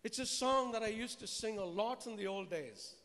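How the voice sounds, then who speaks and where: A high-pitched man preaching to a congregation in a church hall, his voice trailing off into a long echo. He keeps the sermon lively, joking and tossing questions at the room between passages of scripture. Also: normal speed. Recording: long reverb of a large hall.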